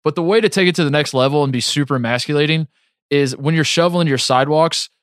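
A man's voice: a little high, fast talker, a bit bright, no echo, clean studio sound. A man co-hosting a podcast in casual chat, rambling and self-mocking with frequent restarts. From American Midwest. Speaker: podcast co-host.

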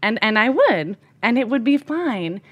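A woman in her thirties telling a funny, self-deprecating personal story in an animated, conversational way. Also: on the high side, unhurried, muffled recording.

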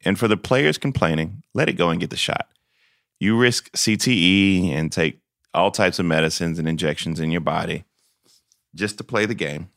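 A man's voice: low-pitched, moderate pace, creaky, a bit bright, no echo, clean studio sound. A man from South Carolina, hosting a podcast and giving emphatic, folksy opinions before interviewing a guest. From South Carolina, USA. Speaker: podcast host.

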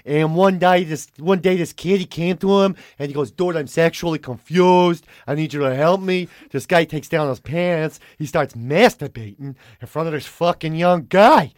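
A man's voice: fairly high pitch, moderate pace, hardly any pauses, no room sound, studio quality, natural voice. A man putting on a New York accent to play an intense, foul-mouthed comedian friend who rants in exasperation. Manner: profane, exasperated ranting.

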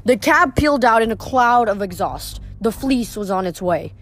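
A woman reading a novel aloud in steady narration, with occasional small slips. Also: a little high, normal speed, soft background music. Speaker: reader.

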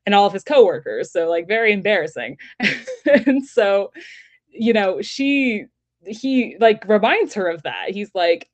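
A woman's voice: mid-range voice, lively intonation, a little slow, lo-fi sound. A woman co-hosting a casual podcast, retelling events expressively with laughs and quoted lines. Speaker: podcast co-host. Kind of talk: casual chat.

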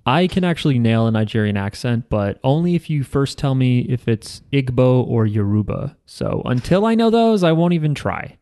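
A man co-hosting a podcast in casual chat, rambling and halting with a deadpan delivery. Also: medium pitch. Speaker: podcast co-host.

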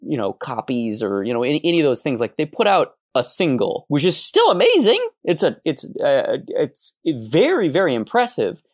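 A man's voice: fairly high pitch, dry recording, clean studio sound. Wordy, analytical man on a podcast. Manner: animated, wordy, analytical, jumps into quick asides. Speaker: podcast co-host. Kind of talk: casual podcast discussion.

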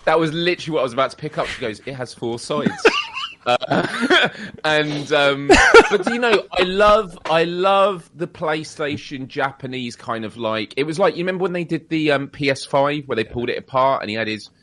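A man's voice: on the high side, normal speed, noisy background. Laughing British man telling stories. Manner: laughs often, animated storytelling with mimicked quotes. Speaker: podcast co-host. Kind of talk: casual chat.

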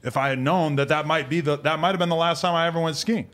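A man in casual podcast chat, speaking in a skeptical, reflective, measured way. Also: on the high side, a bit bright.

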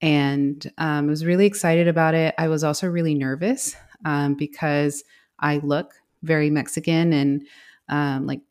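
A woman's voice: sits low, steady tone, moderate pace, darkish tone. A woman in her forties, raised in the United States, talking as a guest in an interview in a reflective way, with many fillers and light laughs. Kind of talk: conversational interview.

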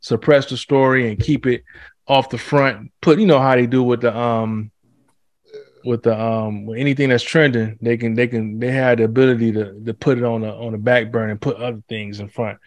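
A man's voice: medium pitch, steady tone, fairly quick, no echo. A man in casual chat who talks animatedly, swears freely and acts out what others said.

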